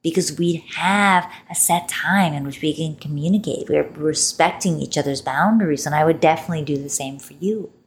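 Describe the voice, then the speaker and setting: Woman podcast host, solo talk; slightly low voice, playful and expressive, leans on words for emphasis. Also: moderate pace, hardly any pauses.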